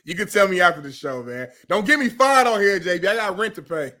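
An easygoing man co-hosts a casual sports talk show and calmly defends his takes. He stays good-humored under teasing. His voice is bright and a touch high. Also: fast. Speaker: co-host.

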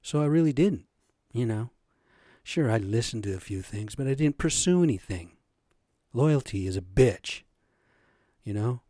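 A man's voice: mid-range voice, expressive, measured pace, long pauses, warm tone, no echo, studio quality. A man ranting casually to his viewers, swearing a lot and tagging "right?" onto his points. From Native American. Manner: profane, agitated, keeps asking "right?". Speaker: vlogger. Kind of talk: casual rant to camera.

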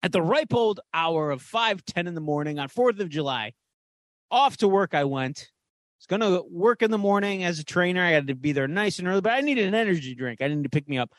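A man's voice: high voice, lively intonation, brisk, a bit bright, no echo. A man co-hosting a podcast, telling a story in a casual, theatrical way. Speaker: podcast co-host.

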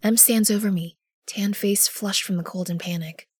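A woman narrating an audio drama in the first person, measured and often hushed. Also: medium pitch, steady tone, husky, dry recording, studio quality. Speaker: narrator and lead character.

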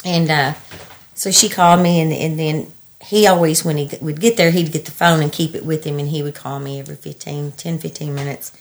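A woman's voice: deep voice, fairly even intonation. Woman retelling a frightening escape. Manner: halting, breathless retelling with restarts and laughter. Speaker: interviewee. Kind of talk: personal storytelling.

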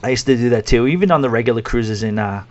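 A man's voice: mid-range voice, fast, highs cut off. A man with a New York accent hosting a podcast, chatting casually and self-deprecatingly with lots of restarts. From New York City, USA. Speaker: podcast host. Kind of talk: casual interview chat.

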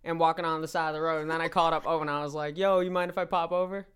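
A young man chatting casually on a podcast, relaxed, with short joking replies. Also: a little high, rapid-fire, clean tone. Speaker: podcast co-host.

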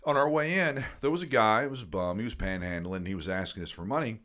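Man in his 30s, podcast host, low voice, rambling and profane storyteller. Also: lively intonation, quick pace, fairly bright tone. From Tennessee. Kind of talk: casual storytelling.

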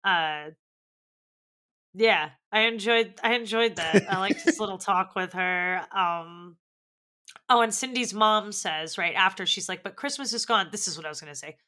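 A woman's voice: medium pitch, a little slow, bright, forceful tone. A young woman co-hosting a podcast in casual chat, rambling and swearing, leaning on "like", acting out quotes. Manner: rambling, swears, heavy use of "like", acts out quotes. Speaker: podcast co-host.

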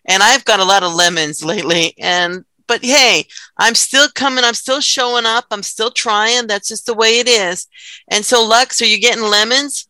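Bright-voiced chatty woman in her fifties. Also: a little high, moderate pace, dry recording, poor audio. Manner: chatty, animated storyteller who laughs often. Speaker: podcast co-host. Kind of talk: casual chat.

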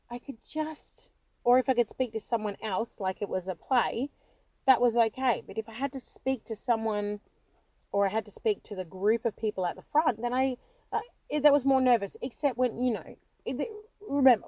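A woman's voice: on the high side, dark tone, no echo. A middle-aged woman telling self-deprecating personal stories, laughing often and restarting sentences nervously. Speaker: podcast host. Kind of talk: personal storytelling monologue.

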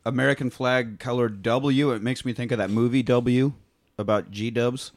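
A man's voice: mid-range voice, fairly even intonation, moderate pace, dry recording. A man co-hosting a casual podcast, rambling and laughing as he retells a comedy film scene by scene. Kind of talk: casual chat.

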